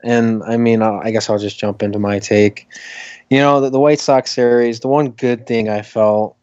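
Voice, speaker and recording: A man's voice: medium pitch, fairly even intonation, normal speed, darkish tone, no echo, lo-fi sound. A young man co-hosting a sports podcast, talking casually with lots of fillers and restarts. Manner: hesitant, many fillers. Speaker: podcast co-host.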